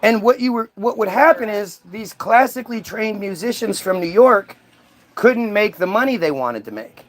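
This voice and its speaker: Middle-aged male podcast host, high-pitched, rambling and profane, casual. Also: expressive, moderate pace. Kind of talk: casual chat.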